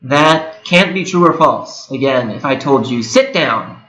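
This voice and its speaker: A man's voice: medium pitch, unhurried, sharp tone. A man in his twenties giving a recorded lecture, talking casually and correcting himself as he goes. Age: 20s. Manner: conversational, with frequent fillers and self-corrections. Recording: echoey room with a whirring hum.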